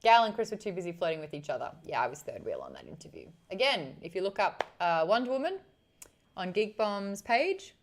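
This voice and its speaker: A woman's voice: mid-range voice, huge pitch swings, a little fast. A woman with an Australian accent, hosting a casual livestream, chatting cheekily and reading out viewer comments. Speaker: livestream host.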